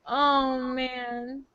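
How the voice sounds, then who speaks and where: A woman's voice: high voice, fairly bright tone, no room sound. A woman hosting a voice-chat story night, talking casually, laughing helplessly and swearing freely. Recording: dull, lo-fi stream audio.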